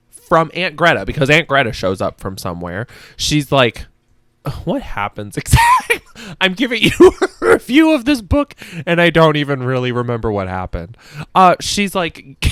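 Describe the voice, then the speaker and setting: A man's voice: medium pitch, a bit bright, no echo. A man hosting a podcast, reviewing a book in casual chat, profane and sassy, rambling with many fillers and laughs. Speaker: podcast host.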